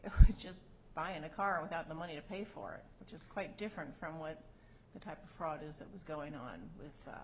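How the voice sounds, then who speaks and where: A woman's voice: low-pitched, fairly quick, background noise. A woman judge questioning an attorney at oral argument with pointed, probing questions. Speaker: appellate judge.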